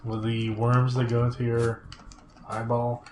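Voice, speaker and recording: A man's voice: medium pitch, completely flat delivery, unhurried, background noise. Sarcastic guy grumbling through a game session, roomy echoey sound. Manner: dry, grumbling, sarcastic, swears casually. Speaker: co-host of a retro gaming show. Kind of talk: casual banter while playing a game. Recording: echoey room.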